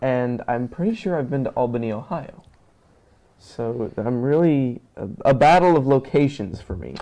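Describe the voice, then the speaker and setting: Mellow-voiced man joking about picks. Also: mid-range voice, lively intonation, moderate pace. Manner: goofy, picks by how names sound. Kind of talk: casual sports chat.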